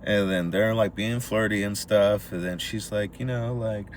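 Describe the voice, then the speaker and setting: Speaking at a normal pace in a lowish register, this podcast co-host walks through a film's plot in relaxed chat. He tells it with lively energy, performing the characters' dialogue, and there's slight background noise.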